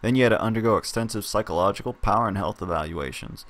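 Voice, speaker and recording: Lowish man casually reading a story game. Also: fast talker. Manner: reads narration aloud, breaks off to chat and laugh. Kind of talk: casual game read-through.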